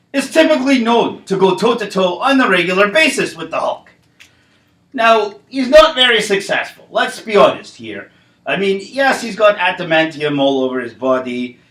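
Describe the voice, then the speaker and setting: A man with a high, bright voice delivers a comedic monologue. He rambles in an animated, playfully mocking way, and his pitch swings widely. The sound rings out in a roomy space. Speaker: comedian vlogger. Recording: roomy echo.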